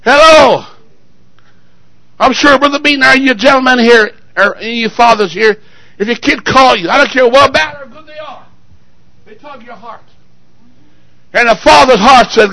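High, bright-voiced shouting preacher man. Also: moderate pace, long pauses, low-quality recording. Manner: preaching with shouts and call-and-response to the church; sudden drops to low, quiet asides. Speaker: pastor. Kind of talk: sermon.

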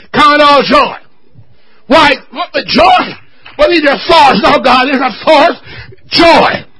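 A male pastor preaching a sermon. He cries out and shouts at his climaxes and whoops, then drops to quiet joking asides. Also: very high-pitched, low-quality recording.

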